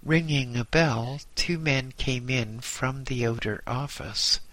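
A man reading a first-person story aloud in a slow, measured way. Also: medium pitch, a bit bright, poor audio. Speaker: narrator.

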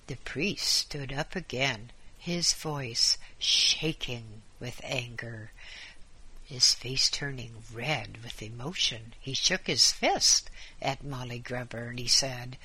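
A man narrates a story aloud in a measured, dramatic manner. His voice is bright and breathy, and he takes his time over each line. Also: mid-range voice. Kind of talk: story reading.

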